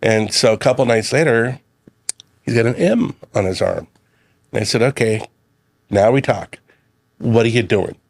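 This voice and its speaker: Relaxed middle-aged male guest, dry sound. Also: mid-range voice, moderate pace, vocal fry, pauses often, no echo. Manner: relaxed storyteller, quotes his sons and himself. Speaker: guest, chef and community leader. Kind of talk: casual chat.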